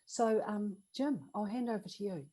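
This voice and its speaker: A woman opening a webinar as a co-presenter, speaking haltingly with many ums. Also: medium pitch, mellow.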